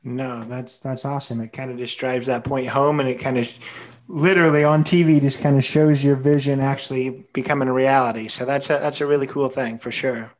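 A man's voice: mid-range voice, fairly even intonation, fairly quick. Easygoing man hosting an interview. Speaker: podcast host. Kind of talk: casual interview.

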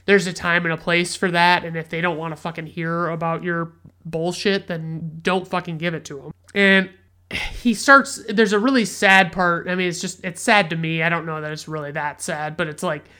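A woman's voice: fairly low pitch, steady tone, normal speed, pushed and bright, clean tone. A woman hosting a casual film review podcast, retelling scenes in a rambling, profane way with frequent restarts and fillers. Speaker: podcast host reviewing films.

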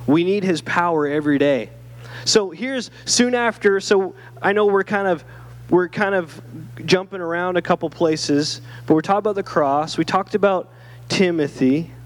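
A man's voice: sits high, moderate pace. A male pastor preaching a sermon in a conversational way, often checking in with his listeners through rhetorical questions. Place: church.

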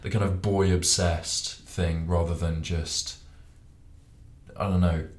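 Young guy, super low voice, chatty podcast cohost, kinda echoey room. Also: level tone, slow, a loud crowd. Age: young adult. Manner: chatty, laughs easily, restarts a lot. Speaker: podcast co-host. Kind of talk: casual chat.

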